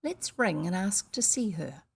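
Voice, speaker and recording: A gentle, earnest girl as a woman reader puts her on talks softly and soothingly, a touch higher than plain speech. The tone is husky with a slight gravelly catch, as in a storybook reading. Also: very animated, a little slow, exaggerated voice.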